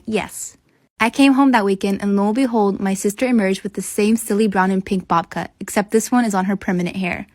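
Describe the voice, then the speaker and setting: A woman reading an online advice post aloud in a steady, even delivery. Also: medium pitch, no echo.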